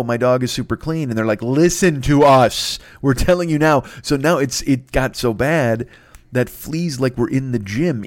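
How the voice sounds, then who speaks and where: A middle-aged man telling a rambling, profane story in a casual, excitable way as a podcast host, close to the mic. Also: mid-range voice, dry recording.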